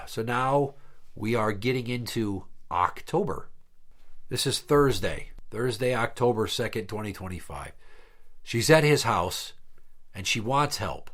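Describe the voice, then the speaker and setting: A man's voice: medium pitch, animated, slow pace, fairly bright tone. A man hosting a podcast, telling a long story in a blunt, profane, exasperated way. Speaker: podcast host. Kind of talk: casual storytelling chat.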